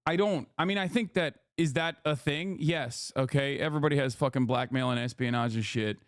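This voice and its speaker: A political streamer in his thirties rants through casual livestream commentary, reading chat and answering it in heated, profane disbelief. His medium-pitched voice moves fairly quickly, recorded clean and dry as if in a studio.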